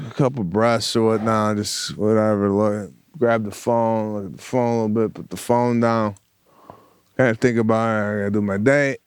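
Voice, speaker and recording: A middle-aged man co-hosting a comedy podcast, telling animated stories about his family in a casual chat. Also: medium pitch, clean tone, no echo. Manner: animated storytelling, acts out family members.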